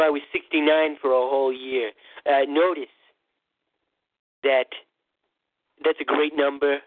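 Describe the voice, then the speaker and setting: A man's voice: a little high, no room sound, lightly acted. A man doing a boastful old politician parody, phone-thin. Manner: rambling, boastful, repeats words and stammers. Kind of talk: comedic impression monologue. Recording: tinny phone-like dry sound.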